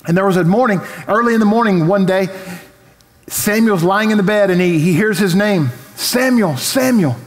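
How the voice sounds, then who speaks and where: A man's voice: high voice, fairly quick. A man with a Texan accent preaching a sermon as a pastor, telling a story and acting out its voices. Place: large church hall. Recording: reverberant hall with faint music.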